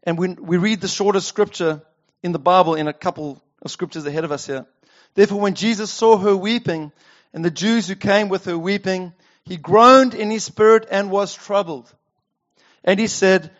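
High-voiced man preaching a sermon. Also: normal speed. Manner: conversational, asks the listeners rhetorical questions. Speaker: pastor. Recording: dull lo-fi sound.

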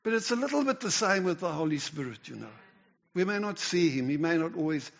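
A man's voice: a little high, expressive, brisk, gravelly, lo-fi sound. A man, a church elder, giving a conversational sermon with frequent restarts and stumbles. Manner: conversational preaching with stammered restarts. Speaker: pastor.

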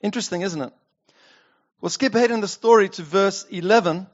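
A pastor preaching a sermon, reading scripture and talking it over conversationally with rhetorical questions. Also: male voice, sits high, fairly quick. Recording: dull lo-fi sound.

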